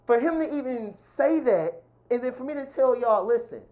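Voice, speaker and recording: A woman venting in a heated, profane personal rant, talking fast and indignantly about how she has been treated. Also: sits high, lively intonation, warm tone. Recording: dull lo-fi sound.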